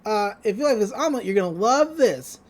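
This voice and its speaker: A woman's voice: medium pitch, animated, brisk, close to an everyday voice. A woman voicing a scheming young boy from a cartoon, gloating over his plan. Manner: gloating, plotting. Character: eager scheming boy in his sister's body.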